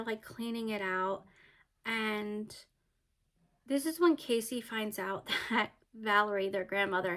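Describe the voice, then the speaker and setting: A woman's voice: medium pitch, a bit bright. A woman giving a casual book review, retelling the plot in a chatty way with many fillers and restarts.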